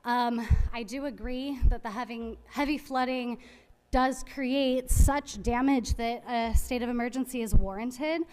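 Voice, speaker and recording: A woman speaking at a city council meeting, her voice sitting a little high and coming across smooth and clear. She talks with a sarcastic, scolding edge. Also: fairly even intonation, a little slow, a little mellow, big-room sound. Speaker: public commenter. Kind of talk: public comment at a council meeting.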